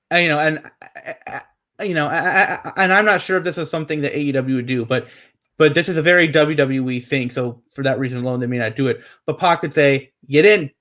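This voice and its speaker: A man's voice: medium pitch, fairly bright tone. A man co-hosting a casual wrestling predictions chat, rambling with many fillers and restarts.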